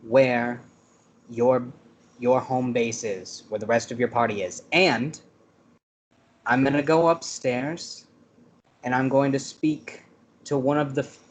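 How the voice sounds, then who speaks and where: Man voicing a calm, menacing adventurer, low-key in-character threats. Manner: quiet, measured menace. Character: cold, threatening male adventurer interrogator.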